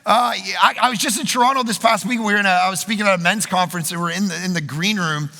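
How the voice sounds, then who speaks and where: A man preaching at a conference in a large hall, telling quick, joking, self-deprecating stories. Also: high voice, sharp tone. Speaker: pastor. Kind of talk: conference sermon. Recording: long hall reverb.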